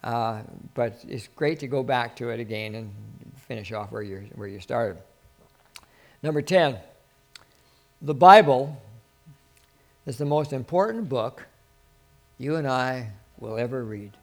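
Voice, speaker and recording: A man preaching an informal sermon to a small group, earnest and rambling, with many restarts, dropping his voice softly whenever he quotes a prayer. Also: medium pitch, expressive, unhurried, pauses often. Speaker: pastor.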